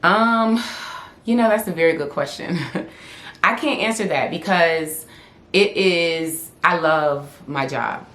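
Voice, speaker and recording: A woman's voice: sits low, unhurried, a bit bright. A young woman, chatting candidly and laughing often in a casual Q&A vlog. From Southern United States. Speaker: vlogger and influencer. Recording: echoey room.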